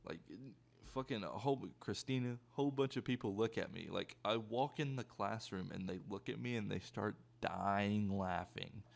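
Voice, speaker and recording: A young man tells a casual story, rambling and swearing freely. His voice sits low, with a gravelly fry running through his talk. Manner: profane, rambling, animated storytelling. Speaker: YouTuber.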